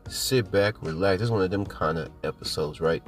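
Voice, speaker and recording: A man hosting his podcast, hoarse from a cold, rambling and boastful as he talks straight to his listeners. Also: sits low, moderate pace, soft background music. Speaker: podcast host. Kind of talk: casual podcast monologue.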